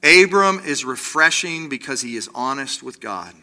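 Preaching with great animation, this pastor performs the voices of those he quotes, his pitch climbing as he does. He eases into slow, hushed emphasis at the most important points.

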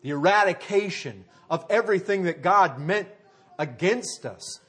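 Higher-voiced man preaching a conversational sermon. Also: lively intonation, unhurried, a bit bright. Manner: conversational preaching with rhetorical questions, addresses listeners as folks. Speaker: pastor.

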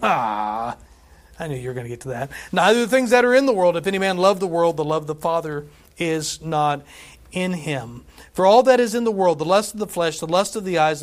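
A man preaches a lively sermon to his congregation. His voice sits high for a man, and he swings between emphatic, drawn-out scripture reading and easy conversational asides. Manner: animated preaching, scripture read aloud with emphasis, asides and laughs. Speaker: pastor.

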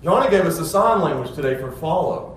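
A male pastor delivers an animated sermon, his voice sitting high and swinging between loud excitement and low calm. He is picked up from a distance, so the church's strong echo wraps every word. A faint room hum sits underneath. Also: fairly quick. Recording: echoey room from far off.

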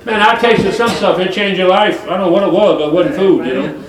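An older man from Detroit preaches a folksy, colloquial sermon packed with rambling stories and chuckles. His voice is high and fairly quick, recorded from far off in an echoey hall with crowd noise.

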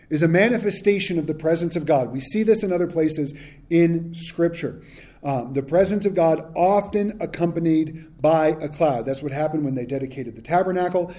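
Mellow-voiced male pastor preaching animatedly. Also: fairly high pitch. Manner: animated storytelling with acted-out quotes. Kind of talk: sermon.

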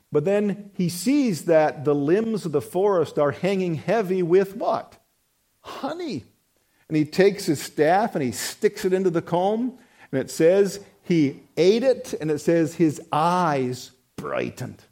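A male preacher delivers a sermon at a slow, deliberate pace, leaning hard on single words. His voice sits a little high for a man and swings between loud bursts and quiet, drawn-out phrases. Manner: emphatic, dramatic swings between loud and hushed.

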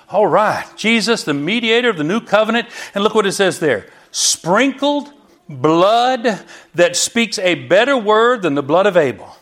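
Exuberant male pastor, high and animated, unhurried delivery, calls out to the congregation. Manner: exuberant preaching with frequent hallelujahs and call-outs. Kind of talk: sermon.

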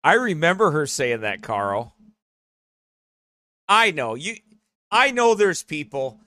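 A man teasing a friend in casual, joking banter, playful and animated. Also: fairly high pitch, slow.

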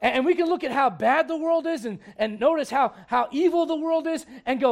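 A man preaching a sermon in a very high voice. He moves between brisk asides, playful imitations of his listeners and hushed, slow scripture readings. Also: vocal fry. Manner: animated preaching, mimics congregants, drops low for scripture.

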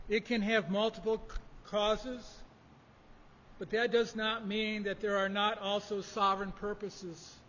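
A man preaching a sermon, measured and emphatic in delivery. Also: high-pitched, fairly bright tone, slight background noise. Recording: dull lo-fi audio in a reverberant hall.

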